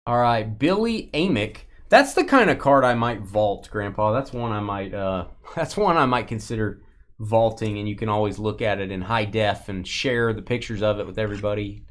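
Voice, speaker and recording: Man, card break host, joking, casual live stream chat, bursts of excitement. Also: fairly low pitch, moderate pace. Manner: jokey, excitable, breaks into goofy shouts.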